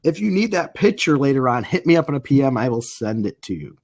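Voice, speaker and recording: A man's voice: mid-range voice, big pitch swings, moderate pace, a little mellow. A man with a cold hosting a casual comic book chat, reading out live comments and laughing often. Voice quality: husky. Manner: laughs often while talking. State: has a cold. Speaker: podcast host.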